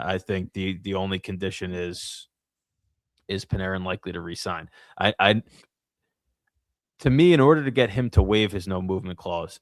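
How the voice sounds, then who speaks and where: A man's voice: low-pitched, dry recording. A man co-hosting a sports podcast, talking casually and thinking aloud as he speculates, often restarting his sentences. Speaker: podcast co-host.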